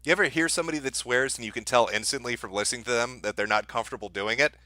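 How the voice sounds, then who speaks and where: A man's voice: mid-range voice, very fast, bright, forceful tone, no echo. A man streaming, mocking the clips he plays with sarcastic commentary.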